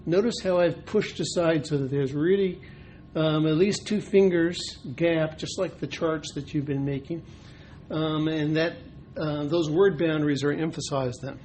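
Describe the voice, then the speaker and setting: A teacher educator demonstrates a classroom teaching method step by step, filling his explanation with frequent ums and uhs. His voice is a little high and a little mellow, he keeps a measured pace, and the recording is noisy.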